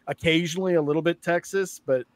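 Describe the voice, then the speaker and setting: A man's voice: a little high, fairly even intonation, fast, no echo. A man co-hosting a podcast in easygoing, self-deprecating casual chat.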